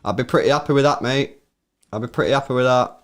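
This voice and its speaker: A young man, talking in easy, slang-filled banter at a mid-range pitch. He co-hosts a live watchalong and jumps up in pitch when the match gets exciting. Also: fast talker. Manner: laid-back slangy banter, rises sharply when excited. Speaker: watchalong co-host. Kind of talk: casual live-stream chat.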